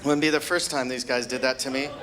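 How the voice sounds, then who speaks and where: A man's voice: medium pitch, fairly even intonation, quick pace, background noise. A man in his sixties doing a self-deprecating stand-up set at his own birthday party, teasing friends in the audience. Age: 60s. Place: party venue with a live audience.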